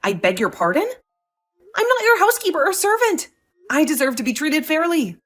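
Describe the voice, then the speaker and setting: A woman plays a wronged young wife who answers back with sarcasm and indignation. Her voice is high and moves freely up and down. Faint music plays behind her. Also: very animated, a little fast, a bit bright. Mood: indignant. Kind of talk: voiced drama story.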